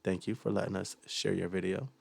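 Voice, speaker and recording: A man's voice: deep voice, flat delivery, fairly quick, gravelly, darkish tone. A young man hosting a reaction video, chatting casually and chuckling often as he jokes about what he watches. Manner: chuckles often, loose and joking.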